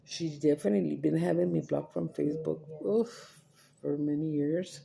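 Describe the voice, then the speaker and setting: A woman's voice: deep voice, unhurried, gravelly, warm tone, a little hiss or hum. A middle-aged woman chatting casually on camera at home during a meal, rambling from topic to topic, swearing offhandedly and slipping into Spanish. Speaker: mukbang vlogger. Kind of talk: casual chat while eating on camera. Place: at home, indoors.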